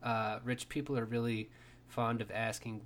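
A man's voice: medium pitch, flat delivery, moderate pace. A man talking as a podcast guest in casual chat, digressive with many fillers.

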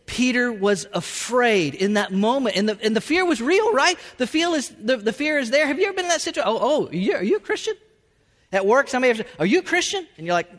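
A man's voice: sits high, fairly bright tone, big-room sound. A man preaching a sermon as a pastor, emphatic and repeating his words as he drives points home. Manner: emphatic, repeats words, Southern-style y'all.

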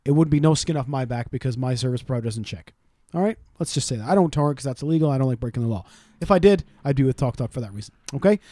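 Quick, sarcastic man telling stories. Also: medium pitch, expressive, dark tone, no room sound, studio quality. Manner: profane, sarcastic, quick storytelling with mimicked voices. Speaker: podcast co-host. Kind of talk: casual storytelling chat.

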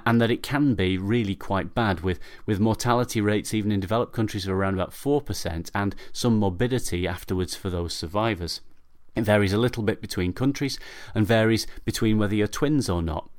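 A man with a British English accent hosting a medical podcast in a measured, explanatory way. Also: on the low side. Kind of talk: scripted podcast narration.

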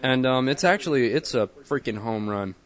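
A man's voice: medium pitch, expressive, normal speed. A young man from the Southern US co-hosting a podcast, talking in a joking, rambling way and laughing often. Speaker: podcast co-host. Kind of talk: casual chat.

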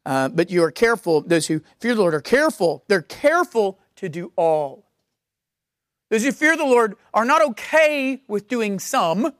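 A woman preaching a sermon, reading scripture slowly and repeating key words for emphasis. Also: medium pitch, very animated, no room sound, clean studio sound.

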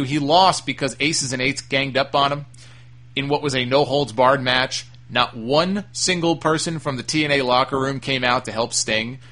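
A man talks through his podcast on his own, blunt and opinionated, swearing now and then. His voice has a bright, forward edge at an ordinary pitch. He sounds like an easygoing regular host. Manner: opinionated, frank, swears casually. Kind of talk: casual solo podcast recap.

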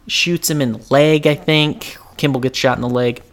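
A woman's voice: rumbling low, steady tone, moderate pace. A woman co-hosting a casual chat, recapping a plot step by step with hesitant fillers. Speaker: podcast co-host.

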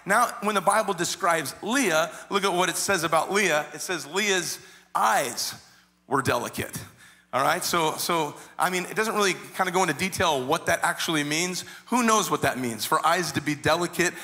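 A man's voice: a little high, moderate pace. A man preaching a sermon, retelling a story animatedly with many repeated words and restarts. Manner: animated storyteller, acts out quoted voices. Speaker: pastor.

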